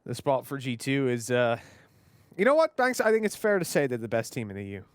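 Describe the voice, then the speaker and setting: A man with an Irish accent giving animated, joking color commentary on an esports match. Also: medium pitch, brisk, smooth, dry recording. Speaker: esports caster.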